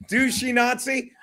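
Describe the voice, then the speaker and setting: A man's voice: very high voice, pushed and bright. A man hosting a casual solo livestream, rambling, swearing and often breaking into laughter. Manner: profane, giggly, rambling. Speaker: livestream host.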